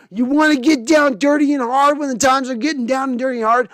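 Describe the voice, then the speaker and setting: A man hosting a sports podcast, swearing and ranting, moving between heated shouting and low mumbling. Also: normal speed, few pauses, dry recording. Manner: profane, shifting from fiery shouting to low muttering. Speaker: podcast host.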